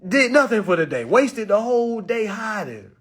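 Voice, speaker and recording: A man talking casually to his live-stream viewers, animated and preachy, full of slang, swinging between loud and soft. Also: high voice, moderate pace, breathy edge. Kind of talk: casual motivational talk to viewers.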